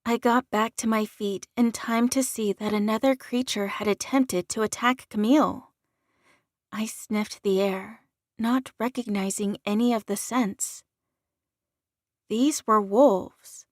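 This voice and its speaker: Slow, dry-voiced woman reading an audiobook. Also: medium pitch, fairly even intonation, dry recording. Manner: measured, unhurried reading. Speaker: audiobook narrator. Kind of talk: scripted audiobook narration.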